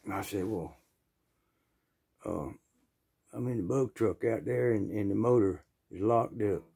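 A man with a Southern US accent telling a rambling work story in a folksy, plainspoken way, often clearing his throat. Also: fairly low pitch, unhurried, warm tone. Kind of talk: casual storytelling.

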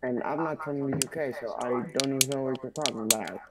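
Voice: medium pitch, a little fast. A co-host on a live stream chatting casually and teasing the host. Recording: distant voice with light noise.

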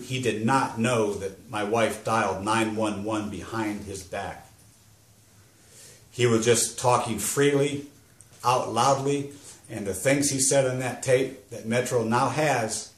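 A middle-aged man giving a personal testimony as a grieving father, halting and rambling, struggling to hold back emotion. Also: on the low side. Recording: roomy echo.

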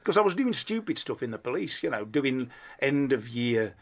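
A man's voice: medium pitch, big pitch swings, moderate pace. Rambling Black Country man telling stories. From Black Country, England. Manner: rambling, self-deprecating storyteller with restarts. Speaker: comedian guest. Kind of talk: casual interview chat.

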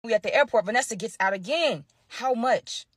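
Fast-talking young woman telling a story. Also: medium pitch, slightly rough, no echo. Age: young adult. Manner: chatty, animated, slangy. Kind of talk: casual storytime.

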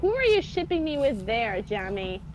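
A woman's voice: a little high, big pitch swings, moderate pace, noisy background. A woman bantering playfully on a game stream, teasing her friends. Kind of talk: casual banter.

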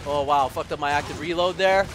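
A young man hosting his own gaming video, talking through play and breaking into shouted curses and groans. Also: a little high, fairly quick, music in the background. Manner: shouts, curses and groans at the game in sudden outbursts. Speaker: gaming channel host. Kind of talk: raging gameplay commentary. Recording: loud game audio under the voice. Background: game sounds.

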